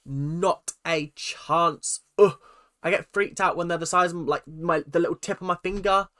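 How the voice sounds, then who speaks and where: A man's voice: high-pitched, fairly even intonation, brisk, sharp tone. A man hosting a reaction video, chatting casually and exaggerating with mock voices.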